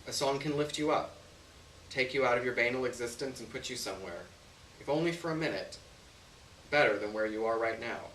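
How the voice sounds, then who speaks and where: A man reading a story aloud on stage in an expressive first-person narration. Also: mid-range voice, a little fast. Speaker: story reader. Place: stage venue. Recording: roomy, distant, faint hiss.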